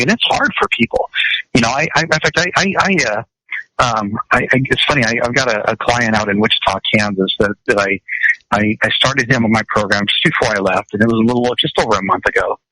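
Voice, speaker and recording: A man's voice: medium pitch, sharp tone, dry recording, low-quality recording. A man, a wellness practitioner, chatting on a radio show in a rambling way with many restarts. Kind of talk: casual radio chat.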